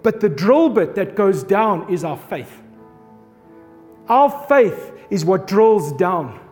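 A man in his thirties preaching a sermon, telling a personal story with animated delivery and acting out his own shouts. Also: high voice, slow. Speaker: pastor. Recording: long reverb of a hall, faint music behind.

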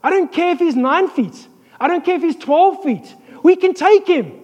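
A preacher voicing fearless young David. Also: male voice, extremely high pitch, expressive, normal speed, a little mellow, in a large hall, muffled recording, voice pushed up. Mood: fervent. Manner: bold, rousing declarations.

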